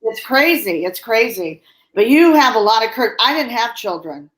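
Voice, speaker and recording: A woman's voice: a little high, very animated, normal speed, fairly bright tone. A woman hosting a podcast interview, answering her guest with sympathetic, brief affirmations. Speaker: podcast host. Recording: echoey room.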